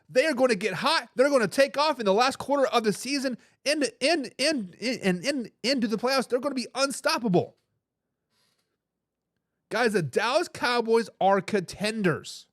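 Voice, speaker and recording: A high-voiced man hosts a live sports talk stream, talking quickly and animatedly, restarting his sentences and throwing in hype catchphrases. The sound is dry and close, with no room echo. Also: a bit bright. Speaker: sports talk show host.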